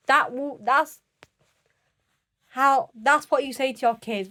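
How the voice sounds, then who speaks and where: A woman's voice: high voice, slow pace, long pauses, sharp tone. A woman speaks her opinion straight to camera, emphatic and insistent and often restarting her sentences. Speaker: vlogger. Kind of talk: opinion monologue.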